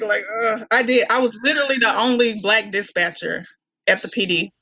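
A woman with a Southern US accent, a podcast guest speaking in candid, animated casual chat and laughing often. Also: fairly high pitch, a little fast, no echo, rough recording. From Arkansas, US.

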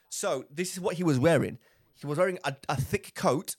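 Lively man telling a story. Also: on the high side, fast, dry recording, clean studio sound. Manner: animated, repeats and restarts phrases while telling a story. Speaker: podcast co-host. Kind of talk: casual storytelling chat.

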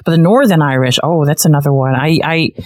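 A woman in a casual interview, telling animated stories, laughing often and acting out what people say. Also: low voice, fairly quick, no echo. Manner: animated storyteller, laughs often, acts out quotes. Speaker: guest living in the UK.

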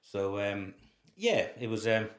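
A man in his fifties from Finland with a Finnish accent, a former footballer telling lively anecdotes in an interview and laughing through them. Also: on the low side, slow pace. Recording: roomy echo.

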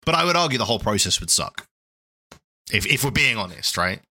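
A man co-hosting a podcast in casual chat, laughing often. His pitch swings widely, and his voice has a bright, forceful edge. He sounds playful and animated. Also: brisk. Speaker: podcast co-host.

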